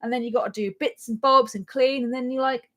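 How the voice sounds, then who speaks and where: A woman's voice: a little high, steady tone, a little fast, fairly bright tone. A woman in her thirties with a Norfolk English accent, hosting a casual crochet live stream, chatty and self-deprecating, laughing often. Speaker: crochet channel host.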